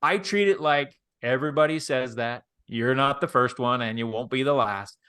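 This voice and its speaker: A man running a live sales training session, talking to new agents in a conversational way, with frequent restarts and quick acted-out examples. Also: medium pitch, smooth. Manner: conversational, repeats himself, animated demonstrations of pushy salespeople.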